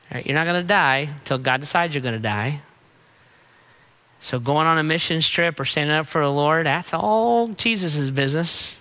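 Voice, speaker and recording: A middle-aged man, a pastor, preaching an emphatic sermon with rapid-fire repeated refrains. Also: on the high side, pushed and bright.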